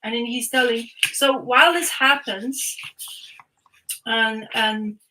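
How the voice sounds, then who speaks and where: A young woman co-hosting a podcast chats casually and slowly in a slightly high voice, retelling a comic's plot in an animated, rambling way full of fillers and restarts. The recording is rough, with a little hiss or hum.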